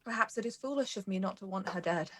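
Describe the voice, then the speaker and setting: A woman's voice: medium pitch, quick pace, fairly bright tone, lightly acted. A woman voicing a composed, scarred young noblewoman who speaks in a solemn, formal way. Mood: grave. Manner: solemn, formal in-character speech.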